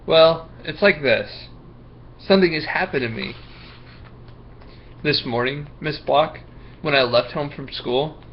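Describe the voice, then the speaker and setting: A man's voice: mid-range voice, highs cut off, a little hiss or hum, lightly acted. A man voicing a nervous young schoolboy who stammers and hesitates while reading a picture book aloud.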